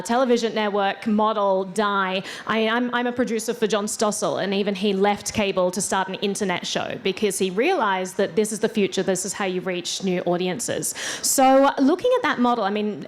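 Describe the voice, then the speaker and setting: A woman moderating a conference panel, speaking articulately at length before putting questions to the panelists. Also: mid-range voice. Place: conference stage.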